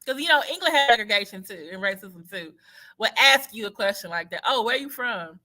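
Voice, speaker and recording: A woman's voice: medium pitch, a little fast. A woman from Houston with a Texas Southern accent, a teacher talking casually and sarcastically on a livestream, wandering off on tangents. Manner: animated, sarcastic, digressive.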